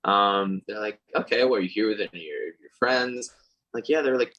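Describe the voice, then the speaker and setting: A man's voice: fairly low pitch, fairly quick, husky, lo-fi sound. A young man telling a story in casual chat, acting out other people's lines. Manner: animated, acts out quoted voices. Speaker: podcast guest and singer.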